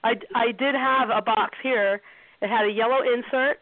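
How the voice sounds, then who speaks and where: A woman's voice: on the high side, fairly even intonation, normal speed, dry recording. A middle-aged woman guest on a casual phone interview, friendly and searching her memory, often repeating words as she recalls details. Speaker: guest, former toy designer. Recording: tinny phone line.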